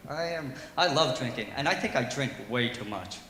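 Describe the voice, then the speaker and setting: A man doing a stand-up comedy set in a brewery, animated and slipping into loud yelling voices for his bits. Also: medium pitch, normal speed, slight background noise. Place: brewery comedy stage, roomy hall. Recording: echoey hall recording.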